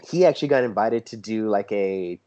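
Male guest, casual chat, eager storyteller, animated quoted voices, muffled lo-fi recording. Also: fairly low pitch, fairly quick. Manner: enthusiastic storyteller who quotes others in a lively, raised voice. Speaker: toy photographer guest. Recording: dull lo-fi sound.

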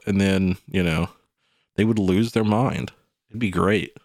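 A man co-hosting a sports podcast, talking in a rambling, animated way full of "you know" and "like". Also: sits low, unhurried, dry recording, studio quality. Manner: animated, slips into mock quotes. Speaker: podcast co-host. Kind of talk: casual sports chat.

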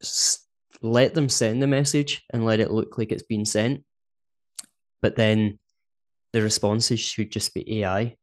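A Scottish man talks casually on a podcast, sitting a little low in his register. He chats easily and breaks into laughs as he goes. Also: fairly even intonation, unhurried, pauses often. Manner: chatty, laughs often, says "do you know what I mean". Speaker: podcast co-host. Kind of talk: casual chat.

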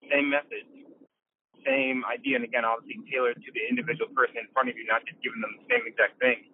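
A man co-hosting a casual coaching chat, emphatic and animated, acting out quotes with the odd swear. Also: medium pitch, a little hiss or hum. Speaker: podcast co-host, mentor. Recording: tinny phone-like line.

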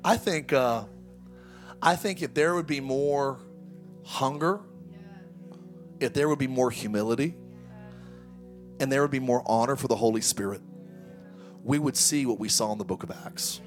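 A man in his thirties preaching a sermon, energetic and exhortative, with humorous asides. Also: medium pitch, normal speed, pauses often, faint music behind. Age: 30s. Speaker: pastor.

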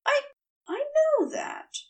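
A woman's voice: very high-pitched, huge pitch swings, extremely slow, vocal fry, recorded from a distance, highs cut off, pitched above the performer's own voice, full character voice. A woman voicing a nervous, proud teenage boy who is stiffly polite and easily flustered.

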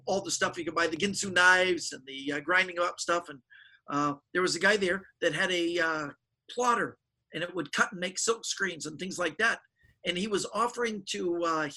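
A middle-aged man, a touch husky, spins stories in a high and bright voice. He slips into the voices of people he quotes. The talk is loose and casual, like an interview. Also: poor audio. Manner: animated storyteller acting out quoted voices. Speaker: guest magician.

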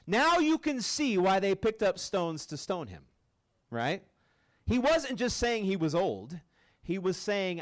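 A man's voice: high-pitched, sing-song, a little slow. A man preaching to a campus group in a casual, joking way, often checking in with the room. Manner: casual, joking, keeps asking the crowd "right?". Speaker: campus ministry speaker. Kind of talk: sermon.

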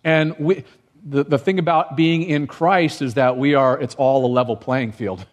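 A man preaching a sermon to his congregation, animated, rising in pitch for emphasis and asking rhetorical questions. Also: moderate pace. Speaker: pastor.

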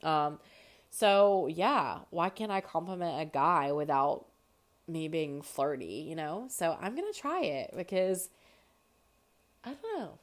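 A woman's voice: low voice, slow pace. A young woman in her twenties with a slightly stuffy nose, chatting casually as a podcast host and filling her talk with "like". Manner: chatty, lots of "like", animated asides. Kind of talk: casual chat.

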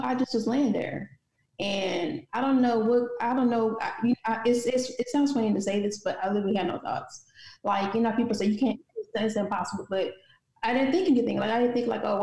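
Woman from st louis talking candid in an interview, gravelly voice, echoey room. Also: medium pitch, darkish tone. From St. Louis, USA. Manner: candid, halting, many restarts. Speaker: guest, author and motivational speaker. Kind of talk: interview conversation.

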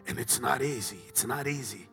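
African-accented pastor guy preaching, bright forceful voice, drops to whispers then shouts, soft music behind. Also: mid-range voice, fairly quick, gravelly. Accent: Southern African. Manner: swings from hushed whispers to shouted climaxes. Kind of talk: sermon.

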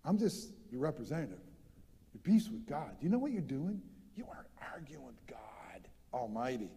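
A man voicing a weary leader's hushed rebuke. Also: a little high, big pitch swings, brisk, in a large hall, pitched below the performer's own voice. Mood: rebuking. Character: weary male leader scolding his people.

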